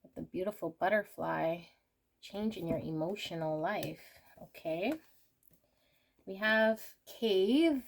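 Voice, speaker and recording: A woman's voice: fairly low pitch, takes it slowly, creaky. Gushing woman reading tarot cards. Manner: gushing, exclamatory. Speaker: tarot reader. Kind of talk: pick-a-card tarot reading.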